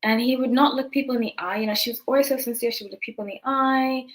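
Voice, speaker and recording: A woman's voice: fairly high pitch, fairly even intonation, fast, rough recording. Chatty woman telling a rambling story. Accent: non-local accent noticed by others. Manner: rambling, chatty, full of asides and self-corrections. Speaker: tarot channel host. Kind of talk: casual storytelling to camera.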